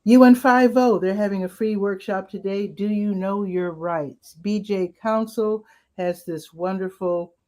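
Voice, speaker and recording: A woman's voice: mid-range voice, fairly even intonation, unhurried, darkish tone. A woman hosting a casual rundown of local weekend events, chatty and upbeat with asides, her voice cracking now and then. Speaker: community events host.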